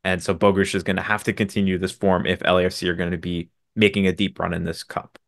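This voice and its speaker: A man with a lowish voice co-hosts a casual sports podcast, laying out fixtures and player numbers at a brisk clip. His jokes come out dry and sarcastic. The sound is close and dry, with no room around it. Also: flat delivery, no echo. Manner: brisk, stat-heavy, with dry sarcastic asides. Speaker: podcast co-host.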